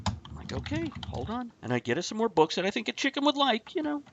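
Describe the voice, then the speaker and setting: A man hosting a casual talk show, telling a rambling shaggy-dog story with deadpan asides. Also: very high voice, fast, gravelly, muffled recording, a little hiss or hum.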